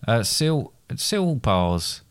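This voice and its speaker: A man's voice: medium pitch, big pitch swings, extremely slow, clean tone. A middle-aged man co-hosting a casual podcast with his son, joking and rambling through playful asides. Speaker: podcast co-host, the father. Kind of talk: casual chat.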